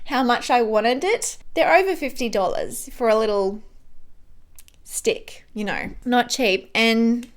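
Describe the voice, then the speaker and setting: Her voice is fairly high and lively in intonation, though she takes things slowly. She's a young beauty vlogger at home putting on makeup, giving a rambling get-ready-with-me life update with plenty of fillers and restarts.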